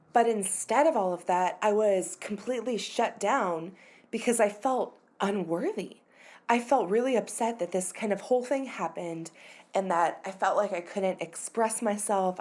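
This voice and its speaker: A woman's voice: mid-range voice, measured pace, darkish tone. A woman in her thirties hosting her own podcast, talking openly about a hard personal moment in a casual, confessional way, full of "like" and "you know", her voice sometimes close to tears. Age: 30s. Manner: candid and confessional, uses many fillers like "like" and "you know". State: emotional, voice near tears at times. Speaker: podcast host.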